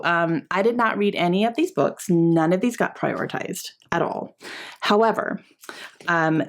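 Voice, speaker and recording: A woman vlogger chatting casually to camera about books, often laughing and filling pauses with "um". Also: low voice, creaky. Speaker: book vlogger.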